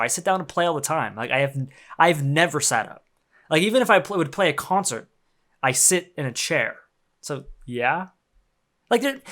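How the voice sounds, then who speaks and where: A man's voice: fairly high pitch, a bit bright. A young man streaming a game, rambling and joking in slangy, swearing casual talk. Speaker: gaming streamer. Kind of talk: casual commentary while playing.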